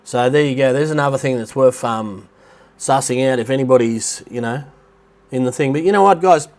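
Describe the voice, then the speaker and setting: A man's voice: medium pitch, a little fast, darkish tone. Nasal, rambling Australian man. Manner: rambling, chatty, greets viewers by name. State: blocked nose, sounds nasal. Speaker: livestream host. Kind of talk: casual livestream chat. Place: rented apartment near the beach in Thailand.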